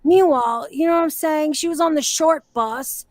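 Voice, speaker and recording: A woman's voice: sits high, moderate pace, no room sound. A woman co-hosting a casual stream, blunt and crude as she mocks people. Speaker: co-host. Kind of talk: casual gossip chat.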